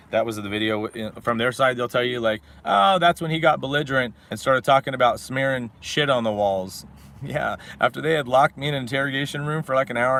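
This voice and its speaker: A man's voice: medium pitch, gravelly, fairly bright tone. A middle-aged man telling his own story in a profane, combative, rambling monologue.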